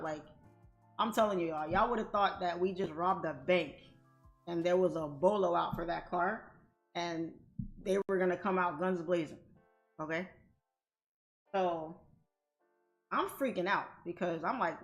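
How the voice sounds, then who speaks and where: A woman hosting a livestream, telling a story to her viewers in a blunt, animated way and swearing freely. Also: lowish voice, slow pace, pauses often, dull audio, faint music behind. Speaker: livestream trading host.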